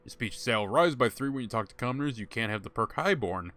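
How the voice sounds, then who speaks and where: A man's voice: mid-range voice, expressive, brisk, a bit bright. A young man casually commenting while he plays a game, thinking aloud and laughing at himself. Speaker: streamer playing a game.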